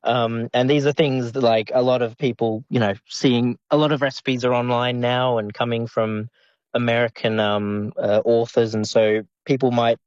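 A man's voice: medium pitch, steady tone, normal speed, a little mellow, no room sound, highs cut off. A man with a PhD, interviewed on radio, explaining things with many hesitations. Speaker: language researcher guest.

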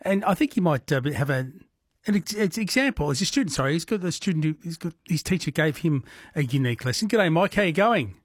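A man's voice: on the high side, animated, fast, dry recording, studio quality. A man with an Australian accent hosting talkback radio, casual and jokey with his callers. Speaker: radio host. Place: radio studio. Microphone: studio microphone.

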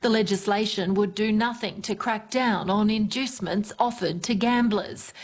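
A woman voicing a news report in a clear, even scripted read. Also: medium pitch, normal speed.

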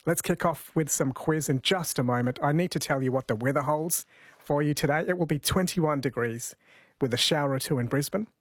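A man's voice: on the high side, a little fast, husky, no room sound. A man hosting live radio, reading out listener texts and running a phone quiz in a chatty way. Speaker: radio host.

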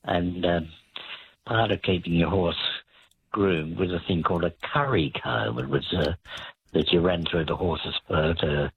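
A man rings in to a radio show over a tinny phone line. His voice is very low and deeply raspy, and he rambles slowly through his explanations with many "uh"s. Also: dry recording. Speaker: caller.

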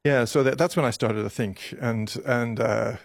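Halting, gravelly man. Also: mid-range voice, steady tone, no echo, studio quality. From Ireland. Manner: halting, repeats words, restarts often. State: emotional, voice catching. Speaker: doctor, interview guest. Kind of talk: emotional radio interview.

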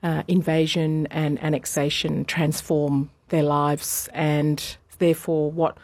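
Woman historian talking about her book, lots of uh and um, really low voice, dry sound. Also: little pitch movement, takes it slowly, darkish tone, no echo. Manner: hesitant, many fillers. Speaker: historian and author. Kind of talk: radio interview.

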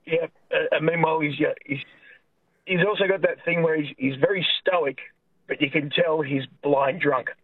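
A man's voice: a little high, fairly even intonation, normal speed, dry recording. Hesitant man on a phone line. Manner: hesitant, restarts often. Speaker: caller. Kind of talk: phone-in chat.

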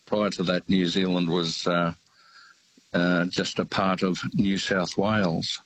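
Deep-voiced older Australian man, rambling. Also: level tone, a bit bright, slight background noise, rough recording. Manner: halting, rambling storyteller with many fillers. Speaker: radio caller. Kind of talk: casual phone-in chat.

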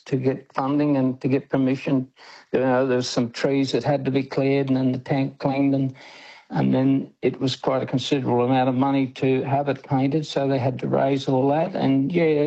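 A man's voice: mid-range voice, vocal fry, dark tone, muffled recording. An older Australian man, a dog trainer, talking as a guest in a radio interview, plain-spoken with frequent restarts.

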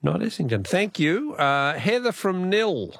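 Lively Australian man hosting radio quiz. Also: high-pitched, measured pace, creaky, no room sound, studio quality. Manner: jokey, laughs often, chatty.

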